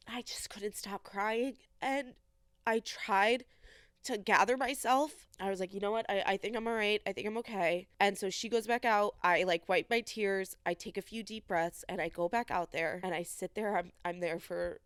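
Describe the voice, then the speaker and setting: A young woman hosts a podcast and tells a personal story in an earnest, conversational way. She often slips into quoting herself and others. Her voice sits at an ordinary pitch and sounds dry and close. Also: normal speed, clean tone, dry recording. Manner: earnest, emotional retelling, many "I was like" quotes. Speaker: podcast host.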